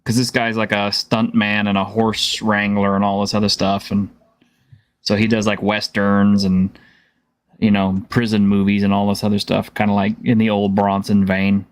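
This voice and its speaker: Lowish male guest, relaxed and chatty, laughs along easily. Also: normal speed. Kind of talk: casual chat.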